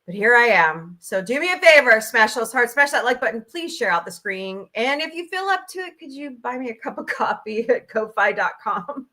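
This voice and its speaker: A woman's voice: on the high side, sing-song, normal speed, hardly any pauses, bright, forceful tone. A middle-aged woman hosting a casual livestream from home into a laptop mic, talking emotionally and venting. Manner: emotional, venting, tearful at times. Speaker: podcast host. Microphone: laptop microphone.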